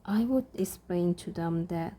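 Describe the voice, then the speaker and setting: Woman, very dark mellow tone, slow, soft and hesitant. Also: on the low side. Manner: soft, thoughtful, hesitant with many pauses. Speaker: parent and crafter. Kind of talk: reflective chat while stitching.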